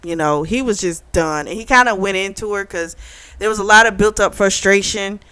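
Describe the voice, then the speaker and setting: A woman talks through a novel's plot in a relaxed, chatty way, as a book club vlogger would. Her voice sits at an ordinary middle pitch. She leans on fillers like "like" and "um" as she recaps each scene. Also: brisk, clear, resonant tone. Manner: animated retelling, acting out characters' lines with a raised pitch; chatty, peppered with "like" and "um".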